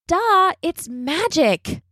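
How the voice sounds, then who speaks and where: Earnest little girl for a storybook, high and insistent, played by a woman. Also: sing-song, measured pace, fairly bright tone, no echo, studio quality, full character voice. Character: young girl, earnest and imaginative.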